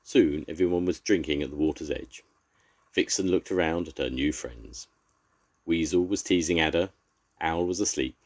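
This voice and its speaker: A man's voice: rumbling low, normal speed, darkish tone. An older man, a grandfather, expressively reading a children's story aloud.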